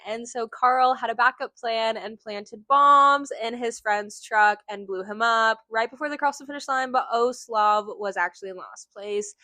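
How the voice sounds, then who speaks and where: In a casual book review chat, a woman vlogger with a mid-range voice and sharp tone raves about a favorite book, wandering off on tangents and cursing occasionally. The recording has no room sound.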